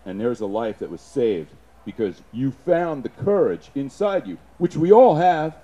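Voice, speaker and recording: A man giving an impassioned, profane public speech, punctuated with shouted sound effects. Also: medium pitch, very animated, unhurried, muffled recording.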